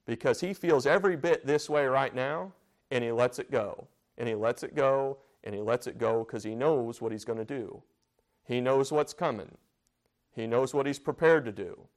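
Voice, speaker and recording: A man's voice: mid-range voice, normal speed. A man leading a church Bible study in a plain, conversational way. He repeats phrases for emphasis and often turns questions back to the room.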